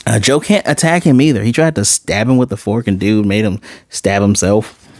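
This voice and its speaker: A man's voice: lowish voice, big pitch swings, moderate pace, no echo, studio quality. A man casually recapping and reviewing a TV episode, slangy and profane, acting out the characters' lines as he retells scenes. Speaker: TV series reviewer.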